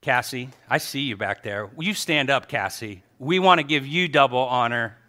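A middle-aged man preaching to his church, a pastor telling stories in an animated way and quoting people in his own voice. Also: mid-range voice, moderate pace. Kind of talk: sermon.

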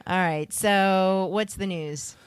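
A woman's voice: mid-range voice, steady tone, slow pace, smooth, no echo, studio quality. A woman co-hosting a podcast in casual chat, playful and joking, sometimes repeating words. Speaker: podcast co-host.

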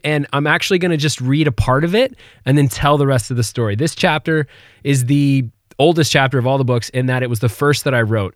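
A man's voice: mid-range voice, dry recording, studio quality. A man hosting a podcast, telling a personal devotional story in an earnest, conversational way. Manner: earnest, conversational, animated when retelling. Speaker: podcast host.

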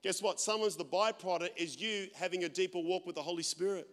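Male pastor, high-pitched and loud, storytelling sermon, long hall reverb. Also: quick pace. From Australia. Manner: loud, animated, self-deprecating humor.

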